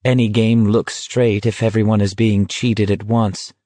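A man's voice: on the low side, little pitch movement, unhurried, dark tone, dry recording, natural voice. A man reading the part of a cynical young man who speaks in a sardonic, clipped, dismissive way.

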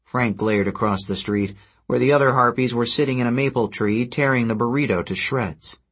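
A man narrating a fantasy adventure story in a steady, even storytelling manner. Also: medium pitch, normal speed, husky. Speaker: audiobook narrator. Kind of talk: scripted narration.

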